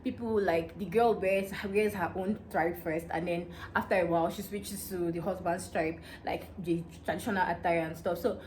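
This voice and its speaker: A young woman from Delta State with a Nigerian accent, telling a casual story to her viewers in an animated, excitable way that often breaks into laughter. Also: on the low side, normal speed, few pauses, a little hiss or hum. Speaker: vlogger.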